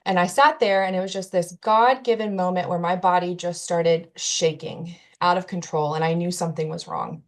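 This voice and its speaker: An earnest woman with a slightly low voice tells a personal story in an interview. She recounts events with feeling and quotes what others said along the way. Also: fairly even intonation, moderate pace, hardly any pauses. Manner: earnest, emotional retelling with quoted dialogue. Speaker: guest telling her story.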